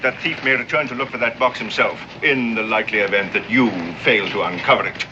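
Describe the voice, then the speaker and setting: A man's voice: mid-range voice, fairly quick, natural voice. An actor playing a haughty male naval commodore who speaks formally with dry sarcasm. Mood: sarcastic, commanding. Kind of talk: 1960s TV drama acting. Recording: muffled old TV soundtrack with background noise.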